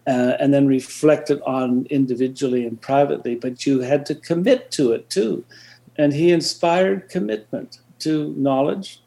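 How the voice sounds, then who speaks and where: A man's voice: mid-range voice, vocal fry, warm tone. An older man as an interview guest, reflecting on his past in a hesitant storytelling way, with many restarts.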